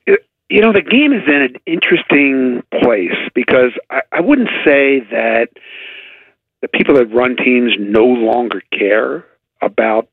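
A man talking casually about baseball on sports radio, chatty and halting, with sarcastic asides. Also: mid-range voice, expressive, gravelly, husky, no room sound. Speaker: baseball writer guest. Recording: dry tinny phone line.

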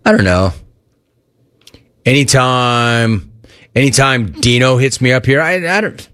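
Animated middle-aged male talk-show host. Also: mid-range voice, measured pace, clean tone. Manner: animated storyteller, acts out remembered dialogue. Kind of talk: casual talk-show chat answering listener questions.

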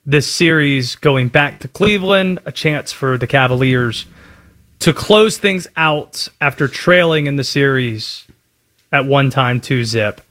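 A male sports radio host, quick and wry, needling his co-host with blunt takes. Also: medium pitch, a bit bright. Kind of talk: sports talk radio debate.

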